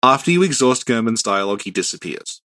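A man's voice: medium pitch, big pitch swings, fast, fairly bright tone, dry recording. A man hosting a casual podcast, explaining game lore at length with lots of fillers and restarts.

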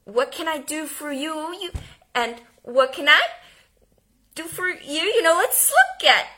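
A woman's voice: sits high, big pitch swings, unhurried, pushed and bright, pitched above the performer's own voice, full character voice. Woman imitating a shaky, cracking-voiced dentist. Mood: unsure. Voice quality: cracking, wavering voice. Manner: uncertain, hesitant. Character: nervous woman dentist in her late fifties.

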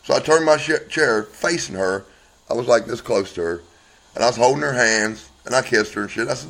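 A man's voice: mid-range voice, animated, a little fast, fairly bright tone, low-quality recording. A blunt man tells his story at length and swears constantly. He rambles from one point to the next and acts out both sides of the argument as he goes. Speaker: interviewee telling his story.

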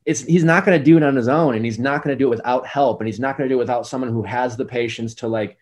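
A man's voice: medium pitch, rapid-fire, a little mellow. A man in his forties giving relationship advice in a casual podcast chat, rambling and earnest with many fillers. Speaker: dating advice guest.

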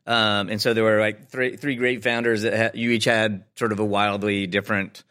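A man with a fairly low voice hosts the conversation, teasing and rambling as he sets up his questions. He fills the gaps with frequent ums and uhs and keeps the tone light. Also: little pitch movement, moderate pace, bright, forceful tone, smooth. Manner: joking, rambling, with many fillers. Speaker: podcast host. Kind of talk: conversational podcast interview.

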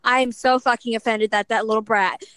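A pregnant woman co-hosting a podcast in casual chat, talking loudly and bluntly and swearing freely, out of breath as she packs her car. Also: on the high side, fairly even intonation, brisk, smooth, no room sound, low-quality recording. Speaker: podcast co-host.

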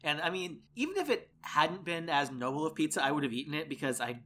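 A man's voice: a little high, expressive, fast talker, bright, forceful tone, a little hiss or hum. Dry, self-mocking male podcast co-host. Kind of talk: casual chat.

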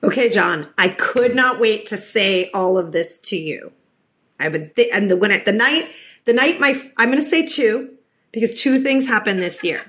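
A woman's voice: medium pitch, animated, normal speed, fairly bright tone. A middle-aged woman guesting on a podcast, talking in a loose, chatty way. She tells stories with plenty of restarts and asides. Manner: chatty storyteller with many restarts. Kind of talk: casual interview chat.

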